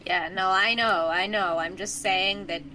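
A woman's voice: mid-range voice, fairly even intonation, unhurried, noisy background. A woman playing a tabletop game, chatting casually, playful and decisive. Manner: playful, decisive, laughs often. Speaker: player.

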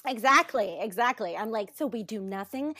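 A woman in her thirties telling a story in casual chat, animated and exasperated, swearing and cutting herself off. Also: on the high side, normal speed, no room sound, studio quality.

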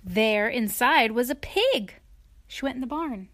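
A woman reading a children's story aloud in an expressive, playful way, adding asides to her listener. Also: on the high side, unhurried.

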